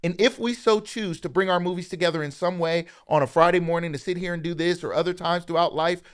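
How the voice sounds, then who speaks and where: A man's voice: fairly even intonation, fast talker, smooth. A man hosting a morning talk show, speaking emphatically. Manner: emphatic, preacherly, voices quotes with rising pitch. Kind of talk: animated preaching talk.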